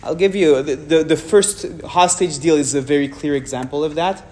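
A man with a French accent, giving a public talk and answering audience questions frankly, with measured pauses and restarts. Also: a little high, steady tone, a little mellow.

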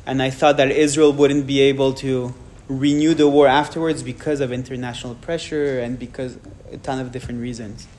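A man with a French accent, giving a public talk and answering audience questions frankly, with measured pauses and restarts. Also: mid-range voice, level tone, darkish tone.

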